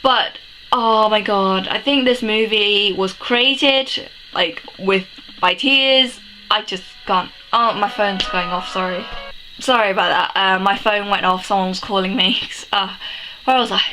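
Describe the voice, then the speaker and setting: A young woman vlogs a film review, sniffly from crying, in a bright, forceful, mid-range voice at a slightly slow pace. The audio is poor with slight background noise, and her casual, emotional review gushes and rambles with plenty of exclamations and laughs.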